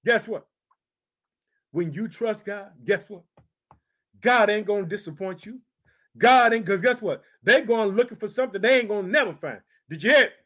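A man preaching a sermon in an emphatic style, firing off rhetorical questions and bursts of shouting. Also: high-pitched, lively intonation, normal speed, pauses often. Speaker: pastor.

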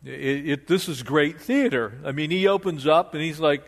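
An older man preaching an expository sermon in an animated, conversational way, often restarting his sentences. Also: a little high, normal speed, vocal fry, few pauses. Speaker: pastor.

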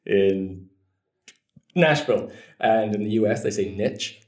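A man's voice: lowish voice, measured pace, a little mellow, echoey room. A man speaking as an interview guest on optimization, blunt and joking, swearing freely in casual chat. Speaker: guest, conversion optimization expert.

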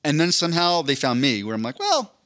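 A man's voice: medium pitch, fast talker, fairly bright tone. A man in his thirties, a podcast co-host rambling casually through a long story, with lots of asides. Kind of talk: casual chat.

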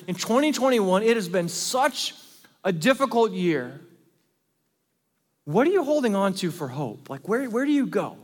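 A man preaching a sermon as pastor, earnest, shifting between loud emphasis and hushed asides. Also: high-pitched. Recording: long reverb of a large hall.

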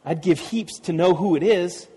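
A man reading aloud and voicing a plain-spoken, rough country boy in a storybook reading. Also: high voice, normal speed, mellow, voice pushed up. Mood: eager. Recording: long reverb of a large hall.

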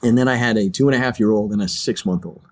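A man's voice: fairly low pitch, quick pace, a little mellow. A middle-aged man, a retired pilot and chaplain, earnestly telling a personal story as an interview guest.

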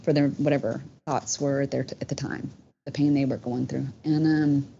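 Podcast guest: woman, low mellow voice, earnest, rambling storyteller, dull lo-fi audio. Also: steady tone, moderate pace, vocal fry, slight background noise. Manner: heartfelt, rambling, many "you know" fillers. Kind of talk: casual storytelling.

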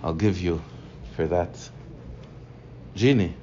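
A man's voice: low-pitched, slow pace, darkish tone, slight background noise, pitched below the performer's own voice. A man voicing a greedy wealthy man in a joke, speaking eagerly and insistently. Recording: dull lo-fi recording.

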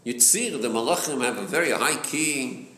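A man's voice: mid-range voice, expressive, bright, forceful tone. A man teaching a class, reading a text aloud and questioning his students about its meaning. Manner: questioning, quick, mixes Hebrew text reading with explanation. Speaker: teacher leading a text study. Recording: echoey room with background noise.

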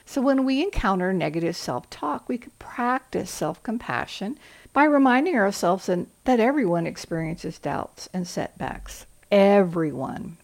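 A woman's voice: medium pitch, lively intonation, measured pace, creaky. A woman from the American South, hosting a motivational podcast for school leaders in an earnest, coaching manner.

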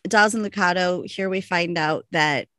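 A woman co-hosting a casual podcast chat recapping a TV show, giggly and animated, acting out quoted lines. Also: fairly low pitch, moderate pace, no echo. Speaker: podcast co-host.

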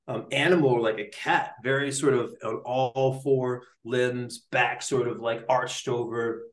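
A young man tells a story in a roomy space, his voice swinging up and down a lot. He is loose and slangy, with constant likes and dudes. His pitch sits in the middle. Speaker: neuroscientist guest. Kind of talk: casual storytelling in a podcast interview. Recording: roomy echo.

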